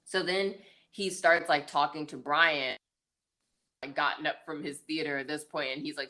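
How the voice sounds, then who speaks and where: A woman's voice: low voice, steady tone, moderate pace, sharp tone. A woman co-hosting a podcast, casually recapping a film's plot with lots of "like" and "um" and the odd laugh. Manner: chatty, full of "like" and "um"; laughs now and then mid-story. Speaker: podcast co-host. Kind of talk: casual movie review recap.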